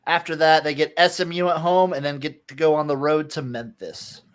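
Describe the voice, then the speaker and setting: Male podcast co-host, slightly higher voice, relaxed picks chat with a blunt edge. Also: normal speed. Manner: laid-back, opinionated, swears casually. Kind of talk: casual sports betting chat.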